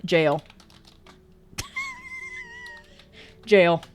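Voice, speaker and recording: Woman streamer, casual chat, pitch swinging high and low, exclamatory and sweary, faint music playing behind. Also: extremely slow. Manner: animated and exclamatory, swears freely, laughs often. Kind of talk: casual chat reading out viewer messages.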